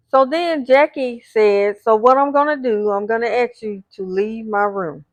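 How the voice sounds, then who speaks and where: Slow-talking woman recapping a show. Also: a little high, dry recording. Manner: retells scenes, reading out the cast's lines; blunt asides addressed to the cast. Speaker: reality TV recap host. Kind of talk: episode recap narration.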